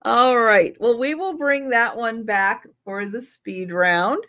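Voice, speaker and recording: A woman's voice: on the high side, takes it slowly, bright, forceful tone, no echo, clean studio sound. A middle-aged woman hosting a live vintage sale, chatting casually and talking to her pets between items. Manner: chatty, talks to her pets in baby talk. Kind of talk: casual live selling chat.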